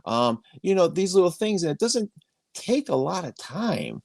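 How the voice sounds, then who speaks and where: A man's voice: sits high, very animated, normal speed, creaky, darkish tone, no room sound. A man hosting an interview podcast from his bedroom, talking emphatically in a rambling storytelling way, recorded on a phone. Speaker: podcast host. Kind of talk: casual interview chat. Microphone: iPhone.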